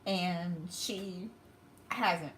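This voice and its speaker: A woman hosting a craft livestream, slowly telling an emotional personal story and then crying. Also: lowish voice, a bit bright. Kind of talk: livestream chat. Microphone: tablet mic. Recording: faint room noise.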